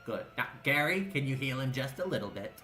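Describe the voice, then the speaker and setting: Man voicing an elderly raccoon-folk leader, commanding, paternal, animated delivery, roomy echo. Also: medium pitch, brisk, soft background music, pitched above the performer's own voice. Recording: echoey room.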